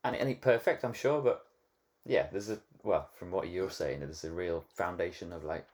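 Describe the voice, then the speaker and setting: Low-voiced British co-host, jokey and bantering, casual chat. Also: male voice, normal speed, darkish tone. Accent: British English. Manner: jokey, banters and laughs often. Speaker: podcast co-host.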